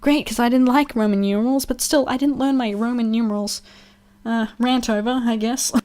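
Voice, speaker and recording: A woman's voice: fairly high pitch, steady tone, fairly quick, a little mellow. Young woman, vlogger, casual storytime, rambling, swears, laughs, acts out quotes.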